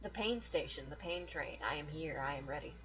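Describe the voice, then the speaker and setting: A woman's voice: deep voice, animated, brisk, a bit bright, voice pushed down. Woman voicing a battered, groggy young male adventurer. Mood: pained joking. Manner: groggy, pained and soothing.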